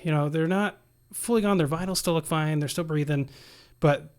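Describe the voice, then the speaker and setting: Animated male nurse telling a story. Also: on the high side, moderate pace, clear, resonant tone. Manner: animated storyteller acting out dialogue. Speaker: nurse and guest. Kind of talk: storytelling in a podcast interview.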